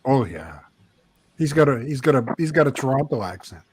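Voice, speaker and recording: A man's voice: medium pitch, very animated, fairly quick, a little mellow, a little hiss or hum. A man on a casual group call, laughing easily and telling little stories. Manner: laughing, storytelling, jokey. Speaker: call guest. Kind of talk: casual chat.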